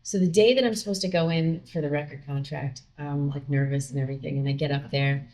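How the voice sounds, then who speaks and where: A woman with a voice on the low side for her sex tells a personal story to a host. She is animated and acts out the voices of the people in it. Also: fast. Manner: animated, acts out quoted dialogue. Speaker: podcast guest; singer with a record contract.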